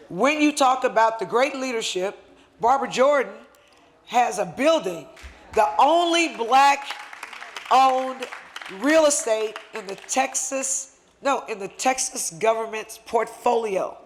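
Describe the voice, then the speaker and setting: High-voiced man giving a fervent speech. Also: a bit bright. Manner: fervent, conversational, emotional. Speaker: speaker presenting a certificate. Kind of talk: impassioned luncheon speech.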